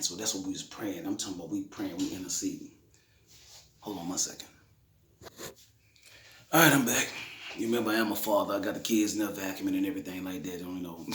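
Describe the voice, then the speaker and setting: A man's voice: sits low, fairly bright tone, slight background noise. A middle-aged man, a father telling an emotional personal story in a conversational, repetitive way. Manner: conversational, repeats himself, frequent "you know what I'm saying". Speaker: grieving father interviewee. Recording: roomy echoey room.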